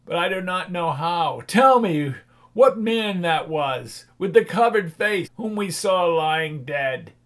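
A man reading a storybook aloud and voicing Ebenezer Scrooge as a frightened old miser begging a ghost, in a high, strained, pleading voice. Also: animated, takes it slowly, exaggerated voice. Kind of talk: dramatic audiobook reading.

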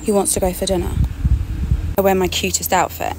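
A woman's voice: mid-range voice, little pitch movement, fairly quick, noisy background. A woman telling a dating story in a dramatic, sarcastic storytime monologue. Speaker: storyteller in a clip being reacted to.

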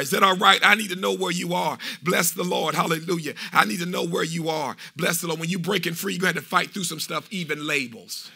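High gravelly preacher man. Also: fairly even intonation, fairly quick, hardly any pauses. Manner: fiery preaching, half-sung shouted phrases, refrains of "Is that all right?". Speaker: pastor. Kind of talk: preaching a sermon. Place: church sanctuary.

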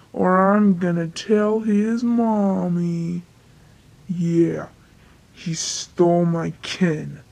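A performer voicing a goofy, childish parody of a young male pop star, rambling in slow complaints about stolen dolls and prank calls. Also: medium pitch, darkish tone. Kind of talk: silly homemade parody monologue.

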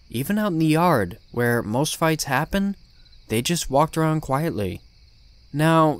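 A man reading a first-person horror story in a blunt, swearing, tough-guy voice. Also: mid-range voice. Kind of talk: scripted horror narration.

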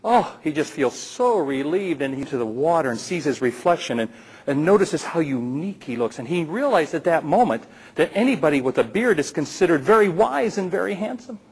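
A man's voice: fairly high pitch, expressive, fairly quick, darkish tone, slightly rough, rough recording. A man telling a playful folk tale aloud to a live audience, with teasing asides to the listeners. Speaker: storyteller.

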